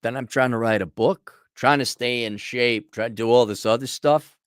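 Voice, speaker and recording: A man's voice: medium pitch, moderate pace, clean tone, no room sound, studio quality. A middle-aged man and consultant delivers a blunt, profane, exasperated rant to camera. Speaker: consultant and vlogger.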